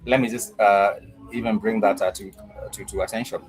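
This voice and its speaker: A man teaching a language lesson online, patiently repeating each phrase slowly so learners can follow. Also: lowish voice, rough recording. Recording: steady background noise.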